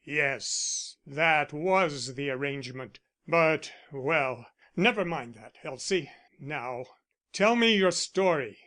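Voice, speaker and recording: A man's voice: a little high, lively intonation, takes it slowly, sharp tone, heavily acted. A man reading the part of an agitated young man, fierce and suspicious, in an audiobook. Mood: questioning. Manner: agitated, accusing.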